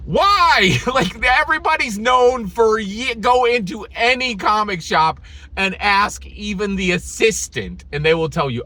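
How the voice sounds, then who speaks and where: A channel host ranting in exasperated, sarcastic commentary, laughing between lines, with a slightly husky voice. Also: male voice, high-pitched, expressive, unhurried, pushed and bright.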